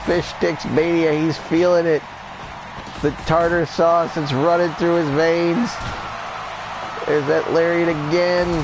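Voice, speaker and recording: A man giving excitable, profane play-by-play commentary on a wrestling video game as he plays, laughing often. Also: a little high, slow pace, noisy background. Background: game music.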